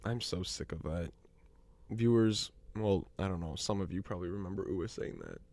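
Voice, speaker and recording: A man's voice: low-pitched, brisk, a little mellow, dry recording. A man co-hosting a casual podcast, telling chatty anecdotes and laughing often. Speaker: podcast co-host. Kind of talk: casual chat.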